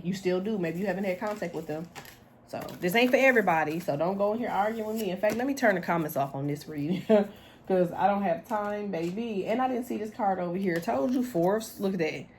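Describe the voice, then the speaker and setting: A woman's voice: fairly low pitch, darkish tone, slight background noise. A woman doing a casual tarot reading to camera, blunt and slangy, talking animatedly and laughing often. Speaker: tarot reader.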